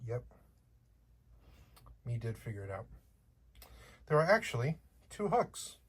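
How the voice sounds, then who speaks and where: Husky-voiced playful unboxing vlogger. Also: medium pitch, sing-song, measured pace. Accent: slight accent. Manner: playful, chatty, joking asides to viewers. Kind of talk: casual unboxing chat.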